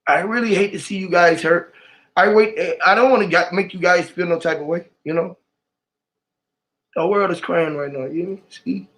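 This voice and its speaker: A man with a high voice rambles through an emotional vlog monologue. He swears freely and swings between loud, shouted bursts and low, muttered asides. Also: moderate pace. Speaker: vlogger.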